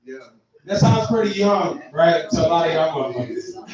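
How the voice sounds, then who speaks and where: A Texan stand-up comedian in his twenties does a profane set at a live comedy venue, laughing at his own jokes as he tells stories. His voice is a little high and darkish, with lively intonation and a fairly quick pace. The muffled recording comes from a far mic in an echoey room, with the crowd and audience reactions audible.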